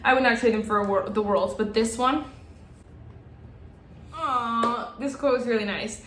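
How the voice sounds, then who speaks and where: A young woman gushing excitedly as she reviews makeup and talks straight to her viewers in a casual vlog. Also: fairly high pitch, quick pace, noisy background. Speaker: beauty vlogger. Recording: echoey room.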